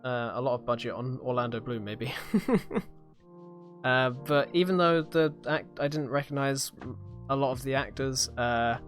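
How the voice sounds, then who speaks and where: British young man, podcast host, loose rambly live-stream chat, mid-pitched, faint music underneath. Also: a little slow, a bit bright. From Britain. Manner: rambling, hesitant, many fillers and laughs. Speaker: podcast host reviewing a series.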